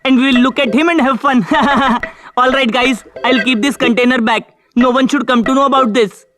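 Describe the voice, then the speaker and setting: Gaura, a giggly greedy kid. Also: male voice, very high voice, steady tone, normal speed, fairly bright tone, faint music behind. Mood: scheming. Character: cheeky greedy young boy Gaura. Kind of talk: cartoon dubbing.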